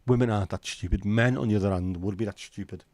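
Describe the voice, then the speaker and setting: A lowish, slightly mellow voice talks fast with no room sound. It's a Liverpool man with a Scouse accent hosting a laid-back livestream chat, sweary and rambling as he jokes with viewers.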